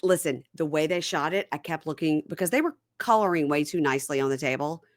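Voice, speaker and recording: A woman hosting a casual recap chat, retelling scenes and playing out both sides in lively voices. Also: quick pace, dry recording, studio quality. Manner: retells scenes acting out both sides with big pitch jumps. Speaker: podcast host recapping reality TV.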